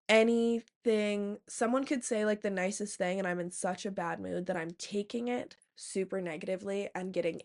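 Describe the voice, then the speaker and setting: A woman's voice: mid-range voice, a little mellow. A young woman vlogger telling a long personal story in a rambling casual chat, full of fillers and swearing. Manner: rambling, heavy use of "like" and "um", profane.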